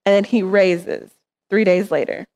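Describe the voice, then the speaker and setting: A woman's voice: medium pitch, unhurried, darkish tone, highs cut off. A woman preaching in church, talking in an earnest, conversational way and often checking in with her listeners. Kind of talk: sermon.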